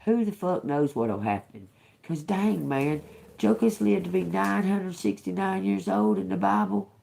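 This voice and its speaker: A woman's voice: medium pitch, animated, a little slow, vocal fry, mellow. A woman giving a casual livestream tarot reading to her viewers, chatty, laughing often and swearing freely. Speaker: tarot reader.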